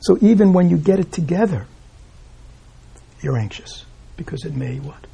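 Male Buddhist teacher, husky and mellow, asks rhetorical questions and checks in with "right?". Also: a little high, lively intonation, moderate pace. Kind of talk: dharma talk.

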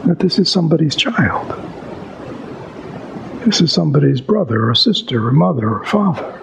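A man giving a reflective Buddhist talk, asking rhetorical questions and pausing often to think, and reading a story aloud. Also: on the high side, creaky, highs cut off, background noise. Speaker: Buddhist teacher. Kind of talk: dharma talk with read-aloud passages.

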